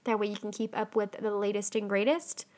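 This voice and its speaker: A woman's voice: mid-range voice, steady tone, fairly quick, a little mellow. A young woman hosting a casual solo podcast, chatty and full of "um" and "like". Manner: chatty, heavy on fillers like "um" and "like". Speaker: podcast host.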